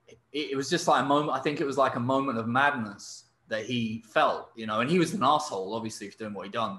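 A man hosting a podcast tells an animated story in casual conversation, full of fillers and laughs. His voice is medium-pitched, and the sound is roomy.

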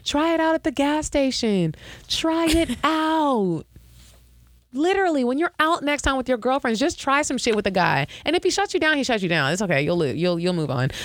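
A young woman co-hosting a podcast, telling personal stories in lively casual chat. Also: high voice, fast, few pauses, no echo, studio quality. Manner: animated, laughing storyteller. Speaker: podcast co-host.

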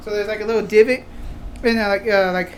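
A man casually telling school stories as a podcast guest, pausing often with fillers. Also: high-pitched, fairly even intonation, a little hiss or hum. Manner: hesitant, many fillers. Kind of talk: casual chat, storytelling.

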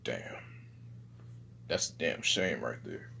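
A young man, rambling casually and profanely in a low-key, self-deprecating way. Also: animated, takes it slowly, gravelly, sharp tone, slight background noise. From Southern United States. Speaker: vlogger.

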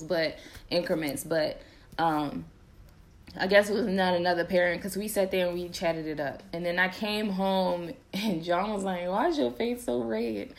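Chatty young mom, slightly low voice. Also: female voice. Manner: chatty, animated, laughs often. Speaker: podcast host. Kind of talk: casual chat to viewers.

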